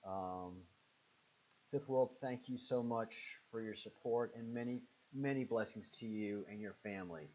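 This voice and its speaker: A man with a Southern accent hosts a live stream and answers viewer comments in a loose, rambling way, with plenty of uhs along the way. His voice sits on the low side. The audio is dull and muffled, like a cheap computer mic at a desk. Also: a little slow, darkish tone. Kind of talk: casual live stream chat reading comments.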